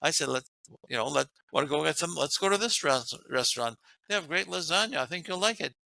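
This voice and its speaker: A guest author in a casual interview talks earnestly about relationships, laughing often as he makes his points. His fairly high, expressive voice moves at a quick pace with vocal fry and a sharp tone, and there's no echo.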